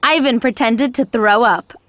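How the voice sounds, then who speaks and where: A woman narrating a children's storybook in clear, measured tones. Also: a little high, fairly bright tone, slight background noise.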